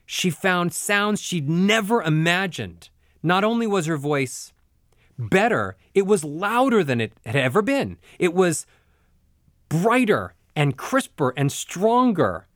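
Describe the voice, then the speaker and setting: A man giving a spoken voice lesson as a voice coach, telling stories with animated, emphatic asides. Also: high voice, slow, dry recording, clean studio sound.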